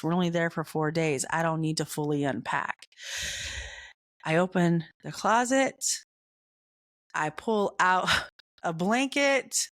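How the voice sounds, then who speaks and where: A woman hosting a podcast, telling a comic personal story with animated, dramatic emphasis and repeated punchlines. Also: lowish voice, dry recording, studio quality. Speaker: podcast host.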